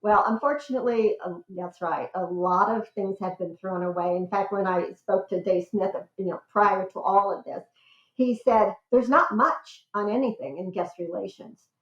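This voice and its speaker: A woman's voice: mid-range voice, normal speed. An older woman, a guest relations expert, chatting enthusiastically in an interview about her research. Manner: enthusiastic, squeals with excitement when telling stories. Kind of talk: conversational interview. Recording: roomy, slightly dull sound.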